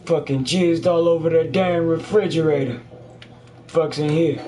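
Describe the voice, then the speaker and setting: A man with a slightly high voice gives loud, profane play-by-play of a game, joking and yelling at whatever he finds. Faint noise hums under his voice. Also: fairly even intonation, a little slow. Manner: loud, crude, jokey running commentary with frequent cursing. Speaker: gamer. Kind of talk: profane let's play commentary.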